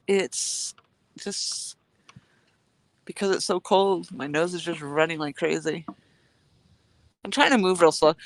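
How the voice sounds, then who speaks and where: A woman's voice: mid-range voice, fairly bright tone, no echo. Sniffly woman chatting on a cold dock. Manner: chatty, rambling, reads out viewer comments. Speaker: live-streaming fishing vlogger. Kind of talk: casual live-stream chat. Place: outdoors on a cold dock by the water. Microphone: phone held at arm's length.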